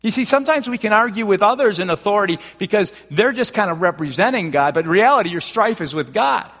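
A man preaching a sermon as pastor, talking conversationally with frequent restarts and rising to animated emphasis. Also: high voice, fast talker, long reverb tail.

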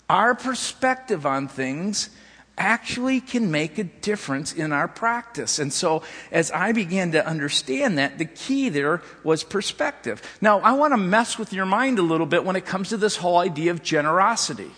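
A man's voice: fairly high pitch, very animated, moderate pace, a bit bright, husky, long reverb tail. A middle-aged man preaching a sermon, telling a story in a loose way with many restarts and repeated "and". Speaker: pastor.

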